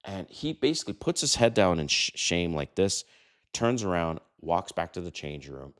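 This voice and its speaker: Blunt, deep-voiced middle-aged man. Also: sing-song, normal speed. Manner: blunt and profane, mimics voices. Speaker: dating advice host. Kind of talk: casual vlog monologue.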